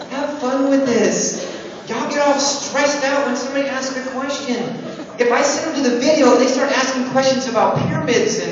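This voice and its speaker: Man, very high voice, playful motivational speaker, distant and boomy hall recording, muffled. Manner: playful, joking, animated, teasing the audience. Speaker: motivational speaker at a sales event. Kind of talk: lively motivational seminar talk. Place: large hall with an audience. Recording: echoey hall, distant mic, muffled, noisy.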